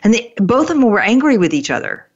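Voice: mid-range voice, sing-song, quick pace. Affirming interview host, lo-fi audio. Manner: reflective, affirming, shares own examples. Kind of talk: conversational interview.

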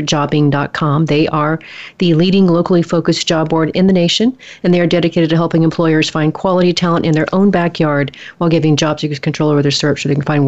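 A woman's voice: low voice, a little mellow. A woman hosting a talk radio show about work, upbeat and chatty as she introduces her guest. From United States. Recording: muffled lo-fi broadcast audio.

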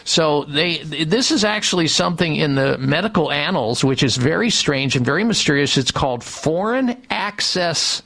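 A man's voice: a little high, lively intonation, creaky, a bit bright. A man hosting a radio health show, reading ad copy and chatting about a medical story. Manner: reading ad copy, repeating phone numbers slowly. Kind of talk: radio talk with read ads.

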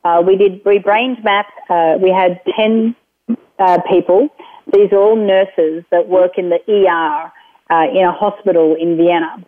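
A woman's voice: lowish voice, fairly even intonation, a little slow, dry recording. A woman guest talking about her programs, rambling with many fillers and restarts. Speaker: guest, self-help program creator. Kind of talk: conversational interview over a phone line. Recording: tinny phone line, dry.

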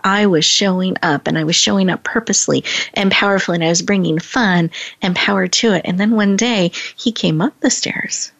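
A woman hosting a podcast, telling a personal story in a chatty way, laughing often and slowing down for emphasis. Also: fairly low pitch, vocal fry, dull audio. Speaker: podcast host.

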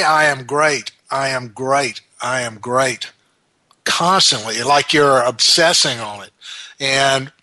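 A man hosting a self-help show, giving a motivational talk in an earnest way and slowly repeating affirmations for emphasis. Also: mid-range voice, pushed and bright, dry recording.

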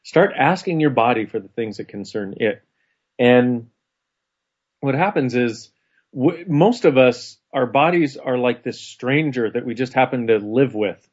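Animated storytelling man, lo-fi. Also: mid-range voice, a little slow, slightly rough. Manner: animated storytelling, laughs often. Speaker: co-host. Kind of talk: casual conversation. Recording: dull lo-fi sound.

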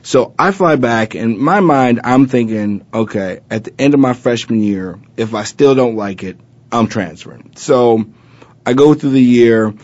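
A man's voice: medium pitch, measured pace, highs cut off. A man from Arizona and a former college football player, telling a personal story in an interview and acting out old conversations with lots of fillers. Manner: animated retelling, acting out past dialogue with many fillers.

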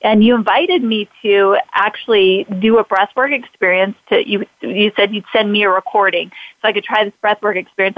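A woman hosts a conversational interview, telling a personal story in a rambling way with many fillers and restarts. Her voice comes through slightly muffled and lo-fi, with a dry, close sound and no room echo. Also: mid-range voice. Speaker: podcast host.

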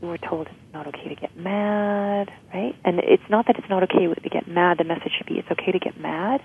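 A woman's voice: fairly low pitch, fairly quick, breathy edge. A woman guest explaining emotional healing in an interview, often checking in with "right?". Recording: tinny phone-like line.

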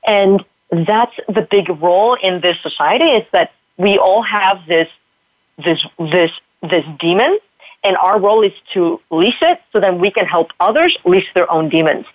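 A woman's voice: mid-range voice, animated, measured pace, no echo, narrow, tinny audio. Blunt, profane motivational woman. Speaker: podcast guest, spin instructor. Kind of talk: candid interview conversation.

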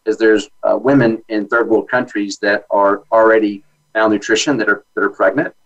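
A man with a fairly low voice talking as a guest in a casual interview. He explains things eagerly and at length, with frequent fillers and restarts. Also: fairly even intonation, moderate pace, lo-fi sound. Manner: enthusiastic, with many fillers and restarts.

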